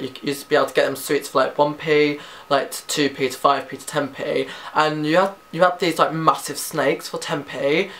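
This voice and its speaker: A teenage man chatting casually through a tag questionnaire, rambling and quick to giggle. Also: mid-range voice, creaky, fairly bright tone. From Britain. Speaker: vlogger.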